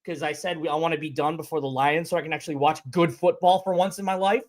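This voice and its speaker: A man's voice: a little high, fairly even intonation, quick pace, hardly any pauses. A man co-hosting a sports podcast, delivering an exasperated, profane rant. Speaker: podcast co-host.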